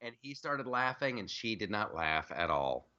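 A man's voice: lowish voice, very animated, normal speed, pushed and bright, highs cut off. A man hosting a podcast, talking politics in a joking, rambling way with lots of restarts. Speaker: podcast host. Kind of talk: casual political chat.

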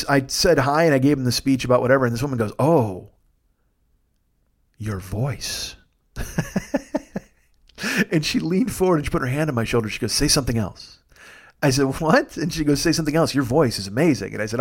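A man in his forties hosting a solo comedy podcast, rambling through profane stories and tangents in a pleasant, resonant voice. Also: mid-range voice. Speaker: podcast host.

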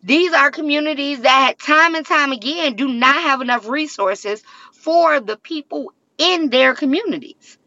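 A woman, a political director speaking as a guest in a measured, earnest way. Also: high voice, sharp tone, no room sound, dull audio. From South Side of Chicago. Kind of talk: political talk interview.

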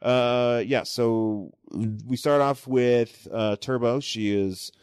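A man's voice: medium pitch, slow, a little mellow, clear, resonant tone, no room sound, studio quality. A man co-hosting a podcast, chatting casually and rambling about a comic book with many restarts. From New York area. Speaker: podcast co-host.

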